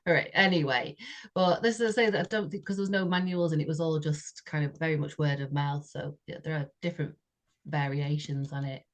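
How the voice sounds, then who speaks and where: Low-voiced woman in her sixties. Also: fairly even intonation, brisk. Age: 60s. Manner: chatty, laughs often, many "you know" fillers. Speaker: podcast co-host. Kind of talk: casual personal storytelling.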